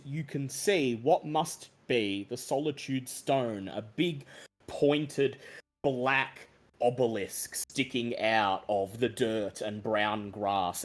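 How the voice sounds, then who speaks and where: A man narrating a tabletop horror game as game master, in a slow, deliberate, suspenseful manner. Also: medium pitch.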